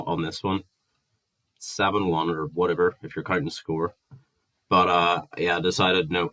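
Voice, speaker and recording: A young Northern Irish man with a deep, low voice vents into the camera. He rants with exasperation and swears heavily. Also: sharp tone. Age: 20s. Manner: heated, sweary, exasperated ranting. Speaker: vlogger. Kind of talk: angry ranting monologue.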